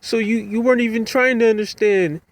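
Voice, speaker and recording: A man putting on a shrill scolding old woman. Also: fairly even intonation, brisk, no echo, close to an everyday voice. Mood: indignant. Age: older. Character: angry bossy old woman passenger.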